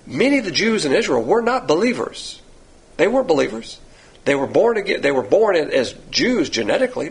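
A male Bible teacher giving a verse-by-verse sermon in a gravelly, husky voice. He keeps asking rhetorical questions and answering them himself. His pitch jumps up sharply whenever he stresses a point. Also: normal speed, poor audio. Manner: lively, rising emphasis with rhetorical questions.

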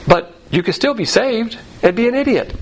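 A man's voice: very high voice, animated, moderate pace, slight background noise, low-quality recording. A man teaching the Bible verse by verse in a blunt, folksy way, full of rhetorical questions and acted-out quotes. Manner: acts out quoted voices.

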